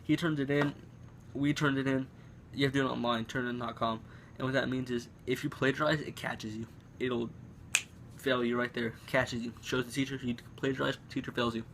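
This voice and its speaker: A man's voice: medium pitch, flat delivery, a little fast, fairly bright tone, a little hiss or hum. A teenage boy telling a school story to camera in a casual, rambling way, with lots of fillers and restarts. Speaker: vlogger. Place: room at home.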